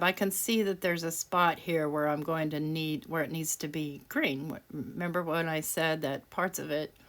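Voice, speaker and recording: A woman's voice: low-pitched, fairly bright tone. A woman hosting a craft tutorial, chatting casually and self-deprecatingly while she works, laughing often. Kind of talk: casual craft demonstration voice-over.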